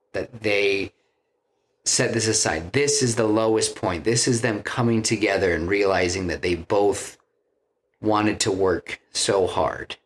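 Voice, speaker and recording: A man casually retelling a film plot on a podcast, rambling with many fillers and restarts. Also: fairly low pitch. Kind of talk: casual chat, retelling a story.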